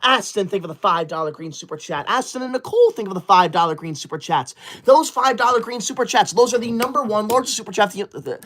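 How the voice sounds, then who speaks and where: A man's voice: high-pitched, animated, quick pace, few pauses, fairly bright tone. A young man hosting a comedy livestream in character, reading out super chats and scolding chatters in a prim, indignant, defensive way with overly formal wording. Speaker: livestream host.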